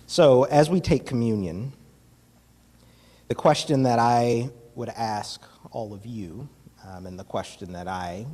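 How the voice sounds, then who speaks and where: A man giving a reflective communion talk and prayer in a church, pausing often and using fillers. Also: fairly low pitch, warm tone, a little hiss or hum. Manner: reflective, with many pauses and fillers. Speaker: communion meditation leader. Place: church sanctuary. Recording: long hall reverb from a distance.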